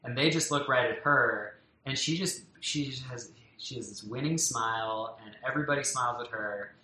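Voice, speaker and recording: A man talking warmly and at length about his young daughter, tender and rambling with many restarts and fillers. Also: medium pitch, moderate pace, roomy sound, rough recording. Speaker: parent being interviewed. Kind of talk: casual heartfelt conversation. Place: home in a loud neighborhood.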